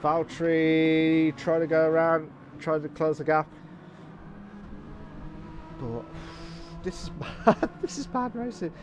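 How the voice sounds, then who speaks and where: A man commenting live on a sim race, excitable and repeating phrases, breaking into shouts. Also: fairly high pitch, slow pace, pauses often, soft background music.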